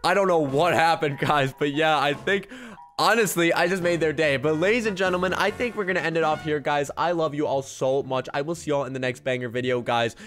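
A man giving excited, jokey commentary on his gameplay and reading chat aloud. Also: fairly high pitch, a little fast, soft background music. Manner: hyped, jokey, reads in-game chat aloud. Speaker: gaming YouTuber.

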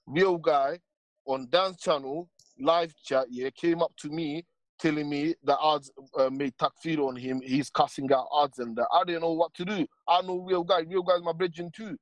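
A man's voice: on the high side, steady tone, normal speed, dry recording. A man ranting casually on a stream panel, rambling and full of street slang and repeated tags. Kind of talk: casual heated rant.

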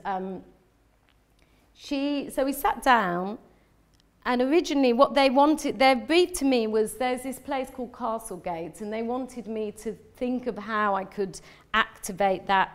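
During a live talk with slides, a London woman speaks at medium pitch, wandering chattily from point to point. Frequent self-interruptions and fresh starts mark her delivery, along with open emotion and plenty of laughter.

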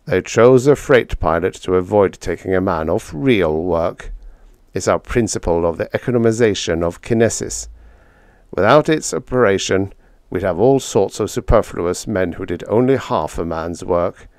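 Guy doing a low earnest jovian pilot, kinda hesitant, quiet. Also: animated, normal speed, no echo, studio quality.

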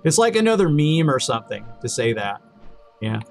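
A man's voice: mid-range voice, sing-song, moderate pace, gravelly, soft background music. A man streaming a video game, chatting casually with viewers and repeating himself as he rambles. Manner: rambling, repeats words and restarts often. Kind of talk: casual live-stream chat while gaming.

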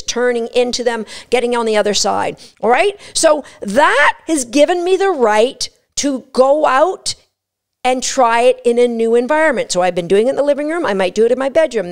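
A woman explaining dog training step by step in an energetic, instructive way. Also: high voice. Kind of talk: instructional talk.

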